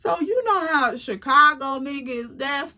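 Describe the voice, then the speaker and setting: A woman vlogger telling a casual storytime in an animated, slangy way, laughing often. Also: sits high, unhurried.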